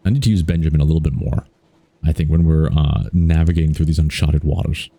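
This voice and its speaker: A man's voice: rumbling low, fairly even intonation, quick pace, warm tone, dry recording. A man hosting a let's play, chatting playfully and reacting aloud to the game. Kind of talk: casual gameplay commentary.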